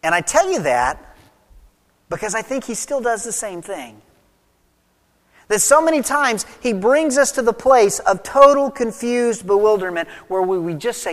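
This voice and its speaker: Expressive preacher delivering a sermon; mid-pitched voice ringing through a large reverberant room. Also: normal speed. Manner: expressive preaching, swinging from loud emphasis to soft low asides. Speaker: pastor. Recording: long reverb of a large hall.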